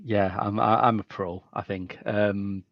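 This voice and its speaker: A man hosting a podcast, talking quickly and energetically in casual chat. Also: lowish voice, little pitch movement, no echo, lo-fi sound. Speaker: podcast host.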